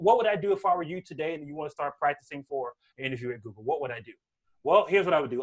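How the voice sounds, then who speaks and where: A man talks quickly and excitedly, his voice sitting a bit high for a man. He gives casual career advice over a video call from home, tossing in "like" and "right?" constantly. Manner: fast, animated, lots of "like" and "right?". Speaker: guest speaker, Angular developer. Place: home room.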